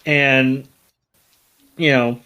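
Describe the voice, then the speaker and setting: A man's voice: medium pitch, fairly even intonation, extremely slow, bright, forceful tone, clean tone. A man co-hosting a podcast, retelling an episode in loose chat and swearing now and then. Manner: loose, profane storytelling. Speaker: podcast co-host. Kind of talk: casual episode recap chat.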